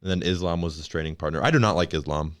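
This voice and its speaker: A man's voice: low voice, quick pace, smooth, no echo, clean studio sound. A man co-hosting a podcast in casual chat, rambling and leaning on filler words. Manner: rambling, heavy use of "like". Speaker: podcast co-host.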